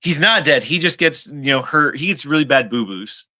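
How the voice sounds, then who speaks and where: Bright, animated man swearing freely. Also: fairly high pitch, moderate pace, no echo. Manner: animated, swears freely, talks over others. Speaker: podcast co-host. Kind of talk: casual movie-review chat.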